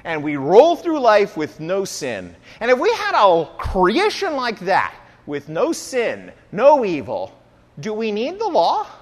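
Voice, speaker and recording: A woman preaching a conversational sermon, with an animated delivery that often checks in with "right?". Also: mid-range voice, slow, long reverb tail.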